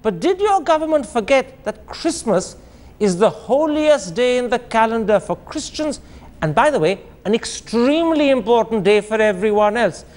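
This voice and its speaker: A man's voice: extremely high pitch, sing-song, moderate pace, a little mellow. A man hosting a TV debate, pressing guests with pointed questions. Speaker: TV debate host. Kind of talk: combative TV debate.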